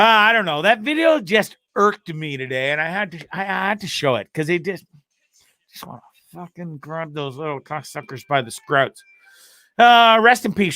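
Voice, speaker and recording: A man's voice: on the high side, sharp tone, no echo. A man hosting a live web show, talking casually, swearing a lot, ranting and laughing as he goes. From Canada. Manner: profane, ranting and laughing often. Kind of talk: casual live-stream chat.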